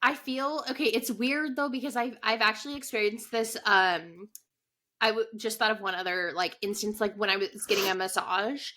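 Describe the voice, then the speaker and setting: A woman's voice: medium pitch, fairly even intonation, moderate pace, pushed and bright. A young woman co-hosting a podcast, chatting in a rambling, hesitant way full of fillers. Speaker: podcast co-host. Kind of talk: casual chat.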